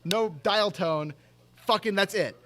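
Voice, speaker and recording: A man's voice: sits high, unhurried. Exasperated young man telling a story. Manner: animated, exasperated, swears freely. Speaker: podcast co-host. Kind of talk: casual storytelling chat.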